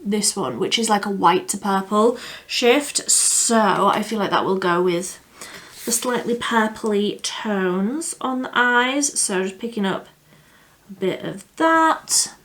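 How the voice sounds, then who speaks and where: Casting: young woman vlogger, unhurried and chatty, musing aloud as she works. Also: mid-range voice, a bit bright. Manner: chatty, thinks aloud, laughs at herself. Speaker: beauty vlogger. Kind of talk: casual makeup tutorial chat.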